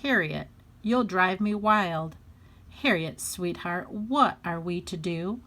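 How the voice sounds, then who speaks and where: A woman reading aloud plays a patient storybook mother who would rather plead than shout. Her voice is soft, low-pitched and measured, with an unhurried, gently coaxing manner. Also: heavily acted.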